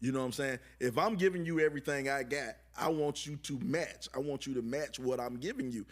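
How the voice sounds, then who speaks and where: A man analyzing a football play on a live stream, animated and repeating himself as he explains. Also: mid-range voice, a little fast. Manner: animated, repeats phrases while breaking down plays. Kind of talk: casual play breakdown.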